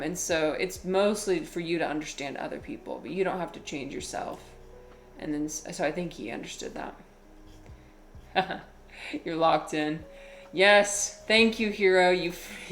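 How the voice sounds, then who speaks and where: A woman streamer and English teacher chatting casually and rambling on a live stream, with many fillers and an often flat, low-key delivery. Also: slight background noise. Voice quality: usually flat and low-key, by her own account.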